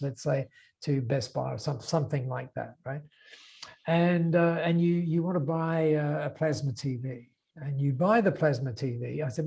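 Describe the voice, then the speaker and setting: An older Australian man speaks as a guest on a podcast, his voice gravelly with a husky edge and a dark, mellow color. He tells his story in an animated way, stumbling over filler words and restarting his sentences as he acts out the conversations. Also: a little high, low-quality recording. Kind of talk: storytelling interview.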